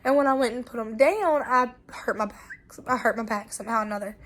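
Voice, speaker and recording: Hoarse woman vlogging. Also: fairly high pitch, fairly bright tone, slight background noise. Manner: chatty, storytelling, quick asides. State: hoarse and winded from bronchitis. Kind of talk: casual chat to camera.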